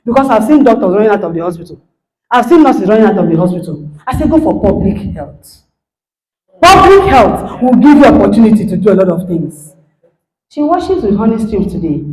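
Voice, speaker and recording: Animated Nigerian woman in an echoey hall. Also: mid-range voice, fast talker. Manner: animated, acts out quoted dialogue, checks in with listeners. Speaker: guest speaker, lecturer. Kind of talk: motivational talk to an audience.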